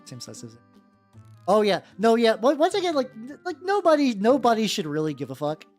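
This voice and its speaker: This young woman's voice sits fairly high and swoops wildly in pitch, and she talks fairly quickly. She's casually chatting on a livestream as she paints miniatures, rambling with lots of fillers and easy swearing while soft music plays behind her.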